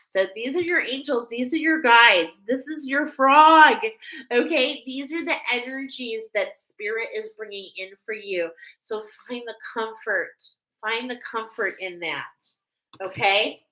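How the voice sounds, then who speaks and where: A woman's voice: fairly high pitch, a little slow, sharp tone, low-quality recording. A woman giving a chatty spiritual guidance reading, often checking in with "okay?". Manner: soothing, chatty, repeats "okay?". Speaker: spiritual reader. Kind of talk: channeled guidance talk.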